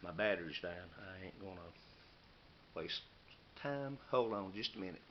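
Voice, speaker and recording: A man's voice: low-pitched, expressive. A man, rambling casually and hurrying through his unboxing vlog. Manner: folksy, rambling, hurried. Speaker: YouTuber showing knives and meal kits. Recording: muffled lo-fi camera audio with noise.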